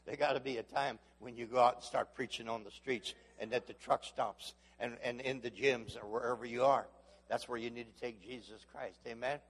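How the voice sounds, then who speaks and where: A man's voice: mid-range voice, a bit bright, slightly rough. A male pastor delivering a sermon, calling out to the congregation and building to emphatic, rising peaks. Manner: call-and-response preaching with rising emphatic builds. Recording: long echo of a large hall.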